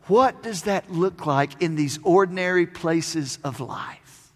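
Male pastor, high voice, emphatic sermon delivery, long hall reverb. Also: a bit bright. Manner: emphatic, slows down on key words.

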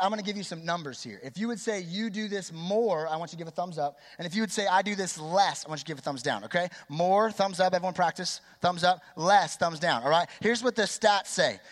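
A man in his twenties preaching a youth sermon in an energetic, chatty way, quizzing the crowd. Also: high voice. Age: 20s. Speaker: youth pastor. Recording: long hall reverb.

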